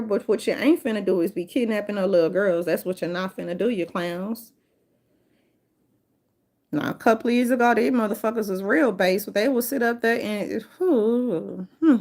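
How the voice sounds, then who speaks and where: Brash, high-voiced New Orleans woman. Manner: brash, profane, animated storytelling. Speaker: host. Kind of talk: casual storytelling monologue.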